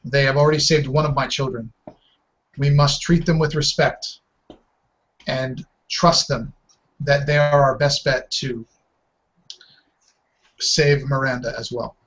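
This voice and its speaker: A man voicing a noble male lord and worried father who talks slowly and earnestly, over a muffled voice chat. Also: medium pitch, fairly even intonation, fairly bright tone, slightly rough.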